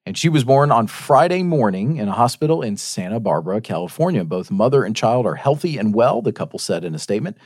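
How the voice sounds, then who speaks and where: A man's voice: mid-range voice, sing-song, fast talker, few pauses, darkish tone, dry recording, clean studio sound. A man hosting a faith-based news talk show, reading news stories aloud and chatting with his co-hosts.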